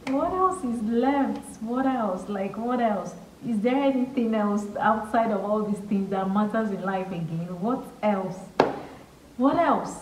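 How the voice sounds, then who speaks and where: A woman hosting a reaction video, exclaiming with excitement and earnest emotion as she watches. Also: medium pitch, unhurried, few pauses, distant mic, noisy background. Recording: echoey room, voice a bit off-mic, faint music.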